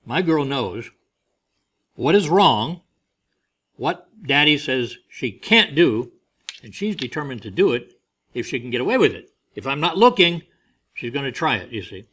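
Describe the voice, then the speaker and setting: A man's voice: mid-range voice, big pitch swings, unhurried, pauses often, fairly bright tone. A man preaching a sermon, telling a family story and acting out the voices he quotes.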